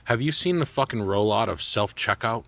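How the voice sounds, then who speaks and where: A man's voice: on the low side, animated, normal speed, gravelly, a bit bright, no echo. A man co-hosting a casual podcast chat, telling rambling, profane comic stories into a close mic. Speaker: show co-host.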